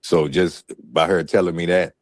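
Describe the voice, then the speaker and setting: A man with an extremely deep voice tells a story in an easygoing, laid-back way. The sound is close and dry. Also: little pitch movement, normal speed, a little mellow, no echo. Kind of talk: casual podcast talk.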